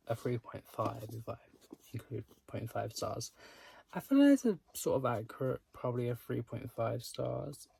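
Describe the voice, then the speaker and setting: A man's voice: medium pitch, vocal fry, a little mellow, breathy edge. A man talking casually in a reading-update vlog, ranting in exasperation and filling his talk with "like" and swearing. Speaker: book vlogger.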